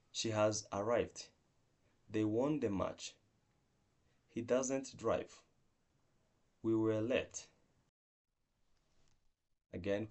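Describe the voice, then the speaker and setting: A man with a fairly low voice teaches an online English grammar lesson. He works through example sentences one at a time and explains each rule patiently. His phrasing is a little non-native, and he sometimes stops to restart a word. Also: gravelly, a little mellow.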